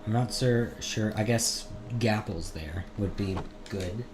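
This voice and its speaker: A man giving quiet, casual commentary while playing a video game, mostly talking to himself. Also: fairly low pitch, slow pace. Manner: quiet, mumbled asides to himself. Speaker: gamer, video host. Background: game music.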